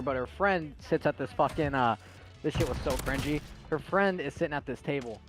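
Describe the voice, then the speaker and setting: A man's voice: a little high, moderate pace, music in the background. A young man from Texas, a streamer, telling rambling, profane stories in casual chat and laughing often.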